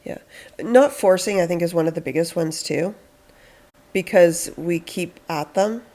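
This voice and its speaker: A woman counsellor talks through parenting advice in a relaxed podcast chat. Her voice carries a gravelly edge. She slips into quoted parent voices as she explains. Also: fairly low pitch, measured pace. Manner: explains patiently, acts out parents' lines.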